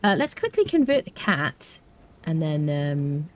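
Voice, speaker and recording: This British woman's voice sits low and sounds very animated, though she never hurries. She's live-streaming a game, rambling casually with fillers and replying to her chat as she plays.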